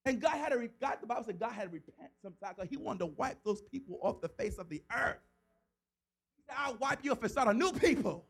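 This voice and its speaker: A man pastor preaching a sermon, acting out voices of God and Moses, building from quiet teaching to shouted passion. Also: extremely high pitch, expressive, quick pace, gravelly, slightly rough, poor audio. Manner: preaching with dramatic voiced quotes, rising to shouts.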